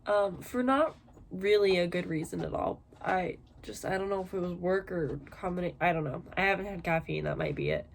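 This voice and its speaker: A woman's voice: lowish voice, brisk, gravelly, a little hiss or hum. A woman in her twenties chatting casually in a book vlog, rambling with lots of fillers. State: tired, yawning. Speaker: book vlogger.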